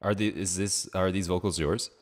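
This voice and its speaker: A man interviewing a producer, asking curious, halting questions in a casual tone. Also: sits low, steady tone.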